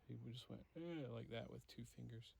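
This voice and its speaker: A man whose medium-pitched voice carries vocal fry and a slight roughness narrates a story to his child at a relaxed pace, with many fillers, acting out the roles.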